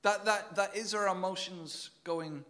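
A man's voice: high voice, a little slow, a bit bright. A man preaching a sermon in an earnest, emphatic way, often repeating words as he goes.

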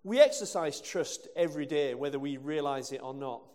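A man's voice: on the high side, moderate pace, darkish tone. A male preacher from England giving a conversational sermon with rhetorical questions and asides. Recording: long hall reverb.

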